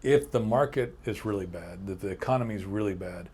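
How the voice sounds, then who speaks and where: Brief: podcast host, man, lowish voice, blunt and emphatic. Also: brisk, warm tone, slight background noise. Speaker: podcast host and agency owner. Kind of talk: casual business chat.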